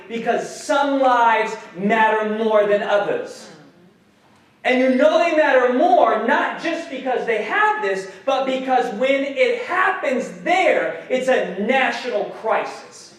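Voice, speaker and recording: A man giving a public lecture as an educator, animated, questioning the audience and swearing casually. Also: extremely high pitch, takes it slowly. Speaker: guest speaker, educator. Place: lecture hall. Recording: echoey hall, mic some distance off.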